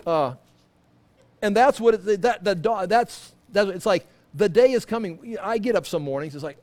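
High-voiced rambling preacher man. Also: lively intonation, normal speed, darkish tone. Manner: rambling, self-interrupting, humorous asides. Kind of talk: informal sermon, Bible teaching.

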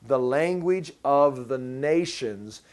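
A man preaching a sermon as pastor, explaining a Bible passage step by step in an emphatic way and slowing down to stress key words. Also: medium pitch, lively intonation, darkish tone. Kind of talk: sermon, verse-by-verse Bible teaching.

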